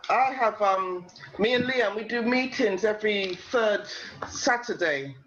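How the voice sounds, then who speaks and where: High-voiced man rambling on a call. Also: expressive, a little slow, fairly bright tone, highs cut off, a little hiss or hum. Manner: loose and rambling, many fillers. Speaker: team leader. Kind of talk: casual chat on a video call.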